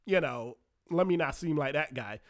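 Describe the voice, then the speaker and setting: A man hosting a podcast, telling a personal story in an animated, self-mocking way with dramatic pauses. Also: fairly high pitch. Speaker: podcast host. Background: faint background music.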